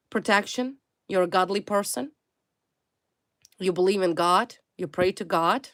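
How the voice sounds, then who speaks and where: Emphatic woman giving a tarot reading. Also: mid-range voice. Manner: emphatic and repetitive, hammering single words. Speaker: tarot reader. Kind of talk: direct-to-viewer tarot reading.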